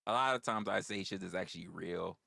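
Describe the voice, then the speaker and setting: A man's voice: deep voice, brisk, vocal fry, pushed and bright, no room sound, studio quality. A man hosting a livestream in casual chat with viewers, blunt and profane, often stammering and restarting his phrases. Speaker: livestream host.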